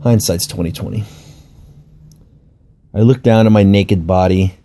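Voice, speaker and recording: A man with a lowish, mellow voice narrating a comic personal story. He tells it in a wry, self-mocking way, leaning into the embarrassment. Relaxed, warm storytelling delivery.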